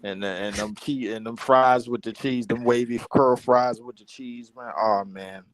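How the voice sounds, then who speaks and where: A man's voice: mid-range voice, steady tone, moderate pace, rough recording. A man co-hosting a casual podcast, talking in a laid-back, slangy way and tagging lines with "bruh" and "man". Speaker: podcast co-host. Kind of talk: casual sports podcast chat.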